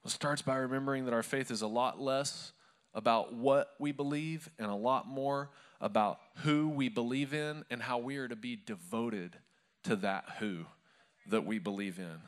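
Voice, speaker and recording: A man's voice: medium pitch, normal speed. A male pastor preaching a sermon to a live church congregation, telling stories in a conversational, humorous way.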